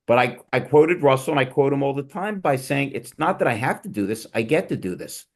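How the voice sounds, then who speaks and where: A man's voice: mid-range voice, lively intonation, brisk. A man hosting a casual panel chat, teasing his guests and telling digressive, joking stories. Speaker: host.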